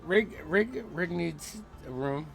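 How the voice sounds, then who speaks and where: A man's voice: a little high, animated, slow pace, creaky, fairly bright tone, faint music behind. A man playing a tabletop game, chiming in with hesitant, self-deprecating asides. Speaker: player. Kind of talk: casual tabletop play.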